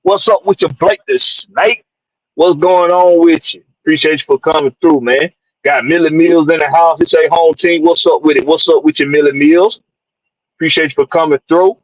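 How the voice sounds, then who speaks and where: A man's voice: on the high side, fairly even intonation, normal speed, no echo, rough recording. A man from hosts a casual live-stream sports show, loose and jokey, reading out viewers and tossing in "man" all the time. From Georgia, USA. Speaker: podcast host.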